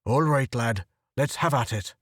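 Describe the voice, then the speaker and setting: A man voicing a gruff, brash big man. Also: mid-range voice, a little slow, fairly bright tone, dry recording, studio quality. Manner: gruff, blunt. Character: big, gruff, brash Irish male photographer. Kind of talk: audiobook character reading.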